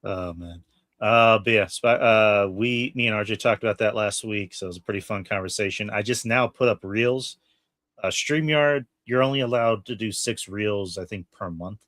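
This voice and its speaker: Male podcast host, lowish voice, dry close mic, loose and rambling. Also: moderate pace, a bit bright, dry recording. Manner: rambling, many fillers and restarts. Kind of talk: casual podcast chat.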